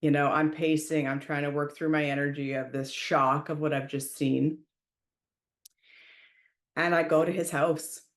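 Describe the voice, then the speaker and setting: A woman hosting a podcast, retelling a story in a casual, emphatic way and raising her voice when she quotes herself shouting. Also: deep voice, little pitch movement, a little slow, long pauses, echoey room. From Canada. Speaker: podcast host.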